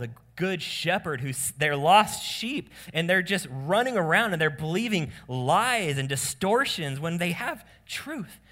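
A man preaching a sermon as pastor, animated and casual, acting out voices of the people in the story. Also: medium pitch. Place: church room with congregation.

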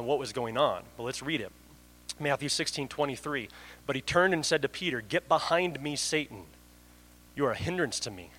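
A man's voice: medium pitch, pushed and bright, low-quality recording. A man preaching a sermon in an earnest way, often restarting his sentences. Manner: earnest, with frequent restarts and fillers. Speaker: pastor.

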